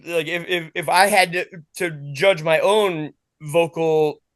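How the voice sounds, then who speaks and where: Guest casting: lively Baltimore-accented guy, higher than average voice, dry close sound, yo-dropping storyteller. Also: slow pace, dry recording. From Baltimore, United States. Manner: animated, says "yo", self-deprecating. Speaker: guest musician. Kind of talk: casual storytelling.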